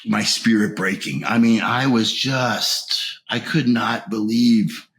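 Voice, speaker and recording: A man being interviewed, telling his recovery story in a raw, emotional way, his voice rising when anger returns and sinking to a near whisper at the lowest points. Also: slow, fairly bright tone, slight background noise. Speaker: interview guest.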